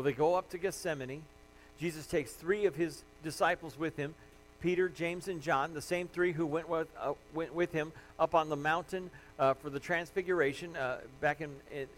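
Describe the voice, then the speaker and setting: A man's voice: on the high side, a little hiss or hum, poor audio. A man preaching a sermon, earnest and building to impassioned emphasis as he goes. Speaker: pastor.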